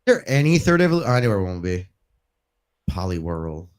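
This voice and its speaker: A man's voice: low voice, sing-song, moderate pace, clean tone. A man streaming a video game, chatting casually in a rambling, profane way and laughing often. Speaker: gaming streamer. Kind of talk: casual let's-play commentary.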